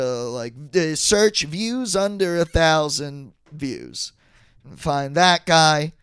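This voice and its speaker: Slow-talking man with a clear, dry voice. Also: mid-range voice, a bit bright, no room sound. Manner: rambling, goes off into long tangents with bursts of silly impressions. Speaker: podcast co-host. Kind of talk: casual comedic banter.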